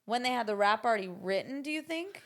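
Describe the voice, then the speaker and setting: A woman's voice: a little high, animated, fast talker, creaky, a bit bright. A woman on a casual podcast chat, making blunt, short remarks. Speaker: podcast co-host.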